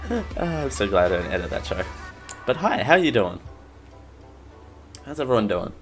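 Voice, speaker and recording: Low and sing-song, this Australian podcast host speaks slowly and pauses often while faint music plays. His casual live-show talk rambles, ribs himself, and is full of fresh starts.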